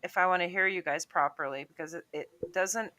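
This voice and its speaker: A woman's voice: on the low side, fairly quick, pushed and bright, no room sound. A woman with French as her first language, hosting a casual livestream panel and chatting in a giggly, self-deprecating way over a headset. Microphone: headphones with headset.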